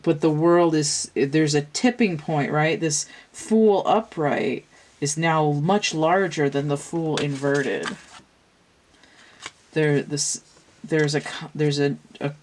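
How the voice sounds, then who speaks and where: Low-voiced woman musing over tarot. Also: steady tone, slow pace, a little mellow. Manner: thinks aloud, meandering with restarts. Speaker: tarot reader. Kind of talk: casual tarot reading talk.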